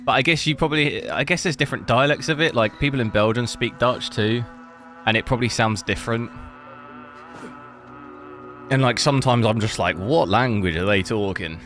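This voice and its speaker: A man from South Africa chats casually while streaming a game, rambling on in a bright, forceful voice as he answers his chat. Faint game music plays beneath him. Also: medium pitch, fairly quick, long pauses. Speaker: gaming livestreamer. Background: game audio.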